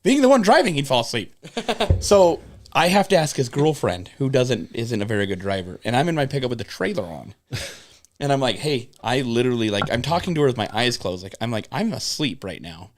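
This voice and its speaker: A man's voice: mid-range voice, a little fast. A young man on a podcast telling road stories in casual chat, cursing freely and acting out what people said. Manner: animated storyteller, swears freely, acts out quotes. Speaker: podcast co-host.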